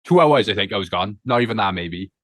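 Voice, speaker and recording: Casting note: quick, animated male podcaster, dry close mic, story-driven, swears casually. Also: fairly low pitch, no echo. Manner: swears freely, acts out quoted voices while telling stories. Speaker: podcast co-host.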